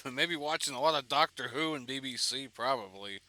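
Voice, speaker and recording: A man's voice: medium pitch, lively intonation, normal speed, bright, forceful tone. A man giving casual, rambling gameplay commentary while streaming, swearing and laughing between asides. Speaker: gaming streamer.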